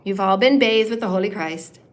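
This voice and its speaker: A woman acting as a spiritual healer leads a live guided meditation, her mid-range voice giving slow, calming instructions before shifting into quick, rhythmic chanted syllables.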